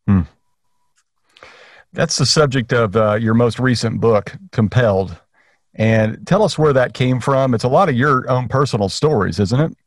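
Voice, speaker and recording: A man's voice: medium pitch, unhurried, no room sound. Southern guy hosting, easy questions, dry close sound. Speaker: interviewer. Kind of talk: interview.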